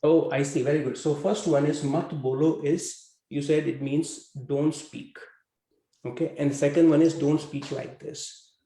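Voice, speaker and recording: A man's voice: on the high side, fairly even intonation, a little slow, vocal fry, dark tone, reverberant, rough recording. A man teaching a language class over a video call, talking with many fillers and putting questions to his students. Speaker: Hindi teacher.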